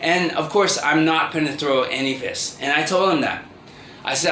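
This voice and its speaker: Man, 30s, vlogger; halting confessional talk, bright tone, roomy echo. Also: a little high. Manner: rambling, halting, with many restarts and fillers. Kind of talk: confessional monologue to camera. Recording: roomy echo with faint ambient noise.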